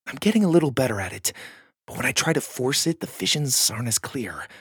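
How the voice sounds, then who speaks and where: A man's voice: medium pitch, animated, fairly quick, breathy edge, no room sound, clean studio sound. A man voicing an eager young girl cadet. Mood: earnest.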